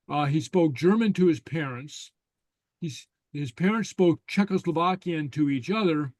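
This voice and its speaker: A man's voice: on the high side, normal speed, darkish tone, no room sound. Rambling man teaching on a video call. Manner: rambling, many filler sounds, laughs often. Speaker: Gaelic teacher. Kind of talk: casual online class chat.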